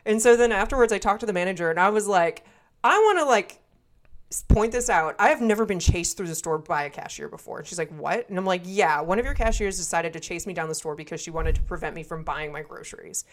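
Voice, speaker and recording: A fairly low-pitched woman in her twenties tells a story with blunt, profane energy. She acts out both sides of the exchange as she goes, in a relaxed podcast style. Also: quick pace. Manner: blunt, heavy swearing, acts out quoted dialogue. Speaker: podcast co-host. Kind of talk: casual storytelling.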